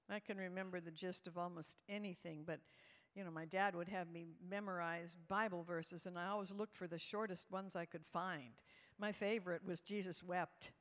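A woman telling a humorous story to a live audience at a church event, animated and lively. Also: on the low side. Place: large hall with live audience. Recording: reverberant hall.

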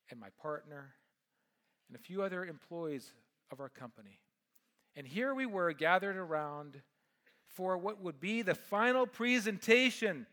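A middle-aged man preaches to his congregation in a bright, somewhat high voice. He tells a personal story with lively energy. His delivery swings between loud and hushed. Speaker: pastor.

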